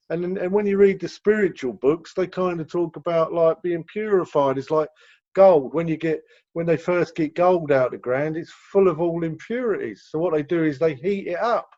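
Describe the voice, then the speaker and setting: Man from the United Kingdom, rehab director, high voice, restarts his sentences, dull lo-fi video call sound. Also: a little mellow. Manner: rambling, repeats words when starting sentences. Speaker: rehab director leading a group session. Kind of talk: conversational teaching on a video call.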